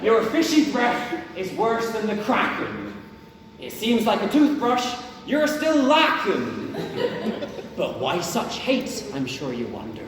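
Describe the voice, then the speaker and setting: A man's voice: sits high, very animated, slow, heavily acted. A man putting on a mocking pirate captain. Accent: put-on pirate accent. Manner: mocking, theatrical verse recital. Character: swaggering male pirate ship captain. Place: comedy gig venue indoors. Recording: echoey hall from far off with audience.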